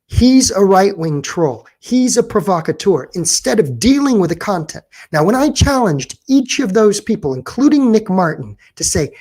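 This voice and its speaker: A man giving an unscripted opinion monologue as a commentator, talking argumentatively, with frequent pauses, fillers and restarts as he challenges his critics directly. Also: sits high, sing-song, a little mellow, husky.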